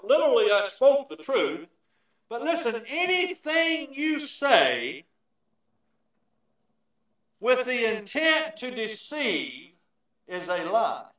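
A high-pitched male preacher delivers an emphatic sermon, swinging between booming points and quiet asides. He is heard from some distance off the mic, and the sound rings through a very echoey church hall. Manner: emphatic, varies volume from loud to hushed.

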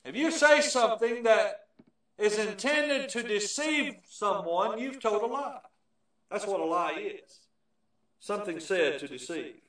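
High-voiced preacher in an echoing church. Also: male voice, animated, unhurried. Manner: emphatic, varies volume from loud to hushed. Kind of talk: sermon. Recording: echoey, from far off the mic.

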